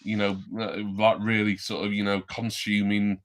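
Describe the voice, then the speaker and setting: A man's voice: lowish voice, flat delivery, moderate pace, smooth. A man co-hosting a podcast, chatting casually in a rambling way and chuckling between thoughts. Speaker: podcast co-host. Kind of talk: casual chat.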